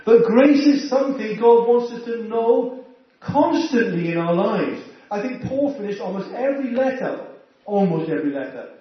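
A man preaching a sermon with earnest warmth, often addressing his listeners as friends. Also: high-pitched, expressive, normal speed. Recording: echoey, distant and dull.

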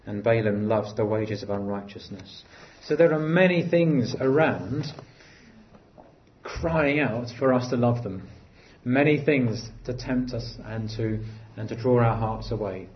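A man's voice: measured pace, slight background noise. Earnest male preacher, slightly muffled. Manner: earnest, builds to emphatic lifts and drops to quiet low phrases. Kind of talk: sermon.

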